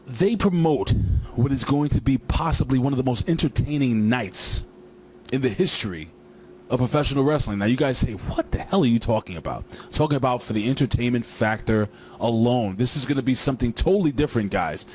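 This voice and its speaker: Man, wrestling recap host, casual rambling talk, jokey asides, mid-pitched voice, faint background hiss. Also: fairly quick, a little mellow. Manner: rambling, jokey, talks straight to viewers. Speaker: wrestling show reviewer.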